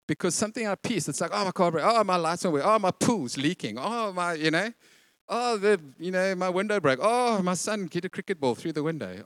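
A pastor preaches in a casual, conversational way, acting out little voiced asides. His voice sits high and swings widely in pitch. The sound is dry and close, with no room echo. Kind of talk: sermon.

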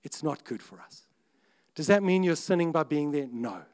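A man preaching a sermon in an earnest, conversational way, breaking off to restart sentences and suddenly getting louder. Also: on the high side, animated, moderate pace. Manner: earnest, conversational, with self-interrupting restarts and sudden rises in volume. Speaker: pastor.

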